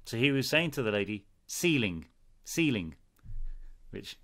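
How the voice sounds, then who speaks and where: A relaxed man in his thirties from England shares an amused anecdote on a podcast. His voice sits at an ordinary middle pitch, and his delivery is unhurried and conversational. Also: creaky. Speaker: podcast co-host. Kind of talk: casual anecdote chat.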